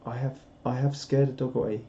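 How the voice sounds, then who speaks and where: A man chatting loosely on a live stream, rambling and self-deprecating with lots of restarts. His voice is mellow and warm, in the middle of the male range. The audio is dull and lo-fi. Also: medium pitch, level tone, fairly quick, gravelly. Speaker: live streamer reading viewer chat. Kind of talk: casual live-stream chat.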